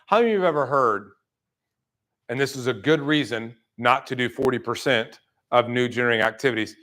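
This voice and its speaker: A man giving a motivational sales talk to a room, blunt and fired up, acting out people's excuses in quick asides. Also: medium pitch, fairly bright tone. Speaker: roofing sales trainer. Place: room with an audience.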